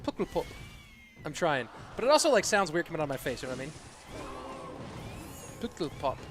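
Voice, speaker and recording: High-voiced rambling esports caster. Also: male voice, very fast. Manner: rambling, self-deprecating, reads chat aloud; bursts into loud excited play-by-play. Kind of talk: casual live-stream commentary and chat reading.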